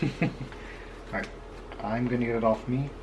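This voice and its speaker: A young father chats straight to his handheld camera in a laid-back family vlog, his voice sitting at an ordinary middle pitch. Clear background noise and a low vehicle hum run under his talk. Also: steady tone, normal speed. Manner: chatty, talks straight to the camera. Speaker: father and vlogger. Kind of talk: casual home vlog. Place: home, then in a car. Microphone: handheld compact camera.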